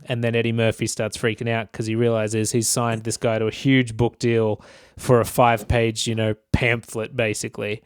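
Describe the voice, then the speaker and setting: Podcast co-host, male, mid pitch, smooth voice, loose rambling recap. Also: little pitch movement, normal speed, no room sound, clean studio sound. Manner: rambling, recaps the plot with quoted lines. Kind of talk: casual film review chat.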